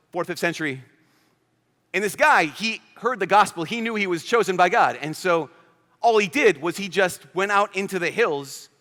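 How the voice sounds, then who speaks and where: Animated preacher in a reverberant hall. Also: male voice, high voice. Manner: animated storytelling, acts out quoted characters. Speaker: priest. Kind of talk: youth conference homily. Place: large conference hall.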